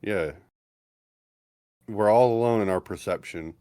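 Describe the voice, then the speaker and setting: A man on a podcast making deadpan, dark jokes in casual banter. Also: on the low side, a little slow, smooth, dry recording, clean studio sound. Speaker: podcast co-host.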